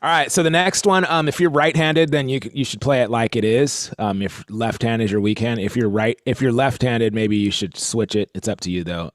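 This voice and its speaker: A man's voice: medium pitch, lively intonation, moderate pace, dry recording, clean studio sound. A man hosting a live drum workout stream, counting off exercises and coaching casually. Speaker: drum instructor and stream host. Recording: loud drumming in the background.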